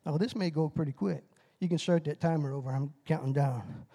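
Middle-aged lay preacher with a high, light voice. Folksy and fired up, calls for responses and whoops. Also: male voice, a little fast, breathy edge. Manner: excitable, bursts into shouted whoops; folksy, self-deprecating about his nerves. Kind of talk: short timed sermon with call-and-response.

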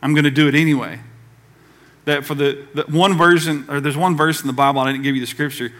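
A man's voice: on the high side, steady tone, quick pace, fairly bright tone. A man from the American South preaching a conversational sermon as pastor, acting out quoted voices along the way.

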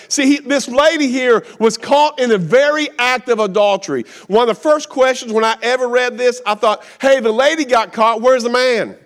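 A man's voice: high voice, fairly bright tone. A middle-aged man with a Kentucky accent, preaching a sermon as a guest speaker in a folksy, joking storytelling manner.

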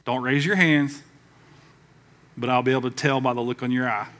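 A middle-aged man, preaching a sermon in a church in a lively, conversational way that acts out the voices he quotes. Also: mid-range voice, normal speed. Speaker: pastor. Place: church sanctuary.

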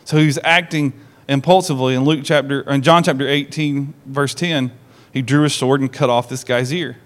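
A pastor with a mid-range voice, speaking at normal speed, preaches a sermon to his congregation during a church service. He's an animated storyteller who acts out the lines he quotes and puts direct questions to the congregation.

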